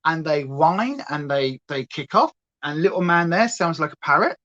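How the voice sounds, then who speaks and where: A woman's voice: deep voice, expressive, normal speed, a bit bright, highs cut off. Chatty British woman, rambling. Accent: British English. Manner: chatty, goes off on tangents. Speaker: livestream host. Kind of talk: rambling casual chat. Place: at home.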